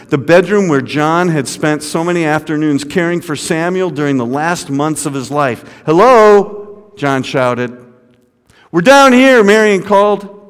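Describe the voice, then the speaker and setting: Man preaching in a reverberant hall. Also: fairly high pitch. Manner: dramatic, swinging from hushed to raised. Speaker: pastor. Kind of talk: sermon storytelling.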